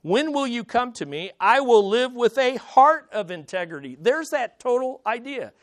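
A man pastor preaching a sermon, asking rhetorical questions and pausing for emphasis. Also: extremely high pitch, big pitch swings, dry recording, clean studio sound.

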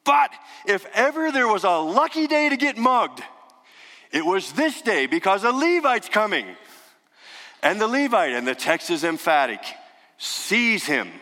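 Pastor, male, lively and forceful sermon delivery, dramatic hushed drops, long hall reverb. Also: high voice. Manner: dramatic, emphatic storytelling with sudden hushed drops.

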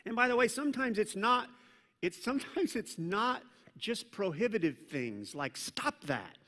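Middle-aged male pastor, sermon, playful and animated, bright higher voice, long church-hall reverb. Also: moderate pace. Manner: animated, playful storytelling with sudden loud mock commands. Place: church sanctuary.

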